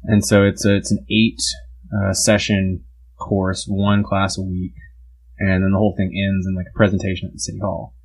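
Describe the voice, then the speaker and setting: A young man with a very deep, husky voice chats as a podcast guest. He speaks haltingly, piling up fillers and restarting his sentences as he goes. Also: monotone, darkish tone, low-quality recording. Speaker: guest artist and builder. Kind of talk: casual podcast chat.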